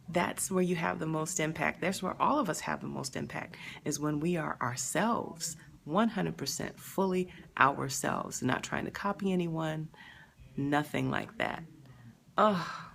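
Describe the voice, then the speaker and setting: A woman hosting a live stream, talking emotionally and haltingly, sad and near tears, pausing to answer viewer comments. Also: low voice, gravelly, fairly bright tone. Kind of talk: grieving live stream reaction.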